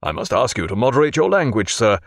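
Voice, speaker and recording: Dry witty navy captain, narrator doing him, crisp talk, lively voice. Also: male voice, medium pitch, quick pace, no room sound. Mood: wry. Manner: crisp, dryly facetious officer's speech. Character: composed, wry naval captain, adult man.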